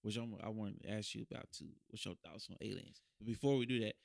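A man's voice: fairly low pitch, fast talker, vocal fry, no echo, studio quality. A young man hosting a casual podcast chat in loose slang, often trailing off and restarting. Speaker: podcast host.

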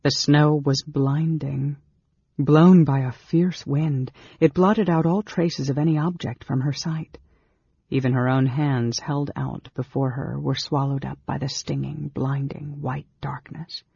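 A man narrating a fantasy novel aloud in a steady, measured storytelling manner. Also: medium pitch, gravelly, husky, no room sound. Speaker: audiobook narrator. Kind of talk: scripted narration. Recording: dull lo-fi dry recording.

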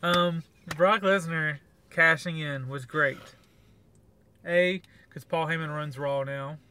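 A man's voice: a little high, fairly even intonation, takes it slowly, bright, forceful tone, a little hiss or hum. A man co-hosting a podcast, giving blunt, sarcastic opinions in casual review chat. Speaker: podcast co-host.

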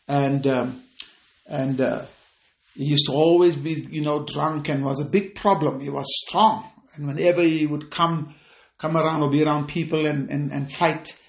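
A man preaching a fervent podcast sermon and prayer, repeating phrases and rising to shouted peaks. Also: fairly high pitch, creaky, reverberant.

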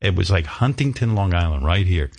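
A man's voice: deep voice, animated, brisk, vocal fry, darkish tone, husky. A middle-aged man hosting a radio talk show, ranting with profanity and indignation.

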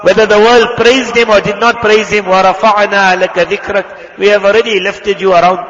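A man preaching a fervent sermon, telling a story and quickly reciting Arabic prayers. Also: high voice, level tone, a bit bright. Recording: echoey hall, muffled lo-fi sound.

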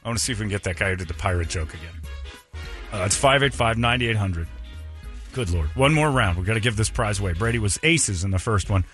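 A man hosting a morning radio show, teasing a caller and joking loudly. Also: lowish voice, animated, fast talker, faint music behind. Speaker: radio host. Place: radio studio.

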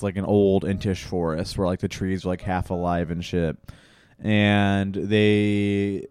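A man's voice: low voice, a little mellow, smooth. A man hosting a casual podcast, rambling with lots of fillers and profanity. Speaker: podcast host. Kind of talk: casual chat.

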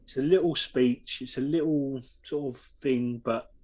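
Casting: male co-host, halting and easygoing, mid pitch. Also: fairly even intonation, darkish tone. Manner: halting, searching for words. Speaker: podcast co-host. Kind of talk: casual chat reviewing an episode.

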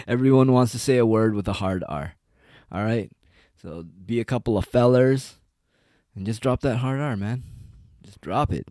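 A man's voice: mid-range voice, unhurried, pauses often, mellow, dry recording, clean studio sound. A man giving a casual, rambling, profane rant as an online commentator. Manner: profane, rambling, heavy on "like" and "dude".

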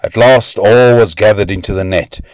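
A man reading old Norse myths aloud as a storybook narrator in a measured, expressive way. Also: lowish voice, no echo.

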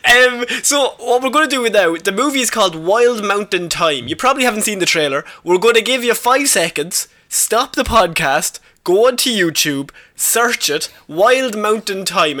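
A man's voice: high voice, bright, forceful tone. An Irish man co-hosting a casual movie podcast, leading the talk and laughing often. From Ireland. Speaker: podcast co-host. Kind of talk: casual chat.

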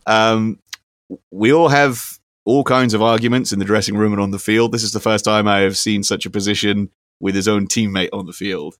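A man with a fairly low voice recapping stories in a loose, sarcastic way. He often restarts his sentences and fills pauses with "um". The recording is dry and close. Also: steady tone, no room sound. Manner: dry sarcastic humor, lots of fillers and restarts. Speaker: podcast host. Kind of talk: casual chat.

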